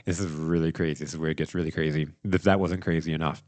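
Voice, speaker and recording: A man hosting a podcast, telling a story in casual chat, animated and rambling with restarts. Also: a bass voice, fast talker, dry recording. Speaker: podcast host.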